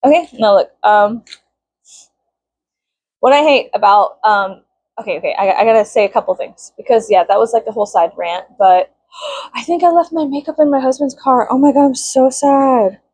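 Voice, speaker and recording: A woman in her thirties rants straight into her phone, swearing freely and slipping into high, sarcastic mockery. Her voice is a bit husky and sits fairly high. The sound is dry and close. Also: animated, normal speed, a little mellow, no echo, poor audio. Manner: profane, sarcastic, swings into high mocking tones. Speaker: vlogger. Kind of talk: casual venting rant to camera.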